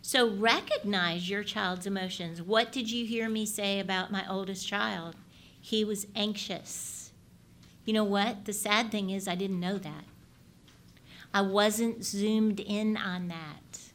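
A middle-aged woman giving an animated teaching talk on parenting. She keeps asking her listeners questions and swings from loud to hushed. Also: medium pitch, slow. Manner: animated, asks the audience questions, shifts between loud and hushed. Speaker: parenting speaker.

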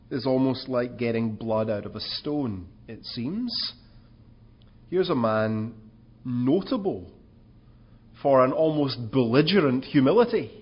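A man's voice: medium pitch, husky, lo-fi sound. A man preaching a sermon in an earnest way, asking rhetorical questions and rising in emphasis.

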